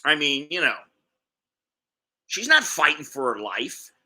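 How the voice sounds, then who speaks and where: A middle-aged American man talks his way through a long story, circling back and stumbling over repeated words. His voice is very bright and sits a little high for a man. He slips into quick impressions of the people he describes. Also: big pitch swings. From United States. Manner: rambling, repeats words, acts out quoted voices. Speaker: expat vlogger. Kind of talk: casual storytelling monologue.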